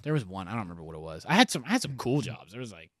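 A young man casually telling stories as a podcast guest, animated and swearing often. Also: lowish voice, rapid-fire, no echo, studio quality. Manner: swears a lot, animated, laughs through stories. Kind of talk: casual storytelling chat.

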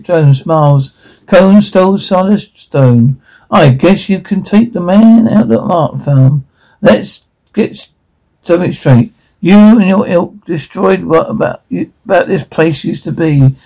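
A man's voice: a little high, dark tone, poor audio. A man reading a drama script aloud, voicing every part himself and reading out the stage directions, dramatic and often stumbling over words and restarting, with frequent swearing.

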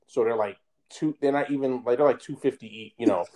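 A man's voice: medium pitch, fairly quick, background noise. A man co-hosting a podcast, chatting casually with emphatic opinions and frequent laughter. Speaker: podcast co-host. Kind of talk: casual chat.

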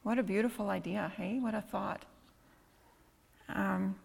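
A woman preacher giving a conversational sermon, full of rhetorical questions and quick "right?" asides. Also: medium pitch, creaky. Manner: conversational, asks many rhetorical questions with tag questions. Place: church hall. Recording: long reverb in a hall with faint music.

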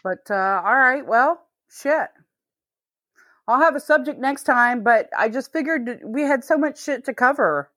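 A woman's voice: sits high, lively intonation, measured pace, bright, forceful tone, no echo, clean studio sound. A woman co-hosting a podcast, chatting casually and telling stories full of swearing and laughter. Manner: swearing storyteller, laughs often. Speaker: podcast co-host. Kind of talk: casual chat.

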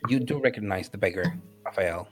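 A man's voice: fairly low pitch, a little fast, faint music behind. A man narrating a tabletop game as game master, hesitant and full of fillers.

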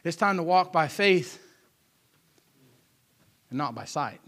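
A male preacher voicing Jesus as a calm, firm, fatherly teacher who speaks low and hushed. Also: slow pace. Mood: tender.

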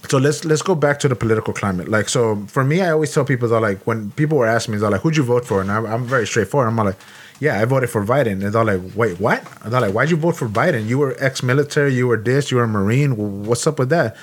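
A man's voice: mid-range voice, fast, husky. A man from Los Angeles, a Marine veteran, co-hosting a casual podcast chat in a blunt, heated way, swearing often and restarting his sentences. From Los Angeles, USA.

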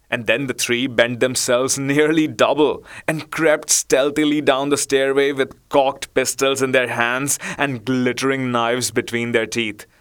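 A man reading a children's story aloud in a measured, expressive way. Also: mid-range voice, clean tone. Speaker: narrator.

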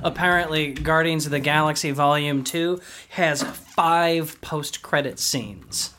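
A man's voice: a little high, fairly even intonation, slow pace, pushed and bright, slight background noise. A man hosting a casual movie podcast, joking, laughing often and stumbling over his words. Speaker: podcast host.

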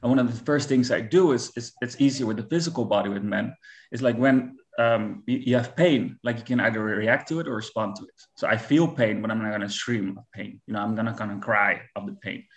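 A man's voice: fairly low pitch, a little fast. A man speaking as a relationship coach on a podcast, earnest and reflective, often restarting his sentences. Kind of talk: casual podcast conversation.

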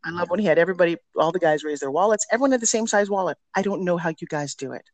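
A middle-aged woman, a personal development teacher, telling stories in an energetic, emphatic way as a guest in a casual interview. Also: lowish voice, rapid-fire, no room sound.

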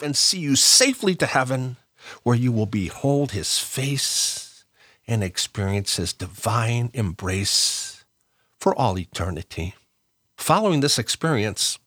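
Man, middle-aged, devotional reflection, slightly high voice, very unhurried, earnest and gentle. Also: no room sound, studio quality. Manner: slow, gentle and earnest, dropping to a hush. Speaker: Catholic devotional speaker. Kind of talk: devotional reflection with scripture reading.

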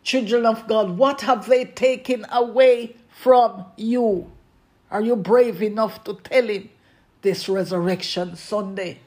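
A preacher in full sermon mode speaks slowly and deliberately, letting each line land. His medium-pitched voice is steady and darkish, and he leans on emphatic, repeated refrains while addressing the congregation directly.

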